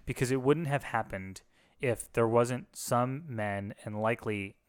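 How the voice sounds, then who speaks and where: A man's voice: medium pitch, measured pace, clear, resonant tone. A man, a former pastor, talking candidly and reflectively in a casual conversation, with frequent restarts. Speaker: podcast co-host, former pastor.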